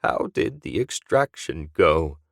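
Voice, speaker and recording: A man voicing a masked alien official who speaks in a slow, formal, controlled way. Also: extremely low pitch, big pitch swings, vocal fry, dry recording, studio quality, pitched below the performer's own voice, full character voice. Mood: measured.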